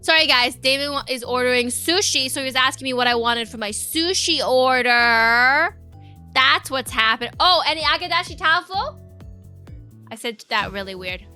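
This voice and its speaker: A young adult woman chats casually on a live stream, her voice high and bright. She rambles easily from one thought to the next and answers viewers in a relaxed, chatty way. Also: normal speed, clean tone, soft background music. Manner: chatty, rambling, reacts to chat with squeals and laughs.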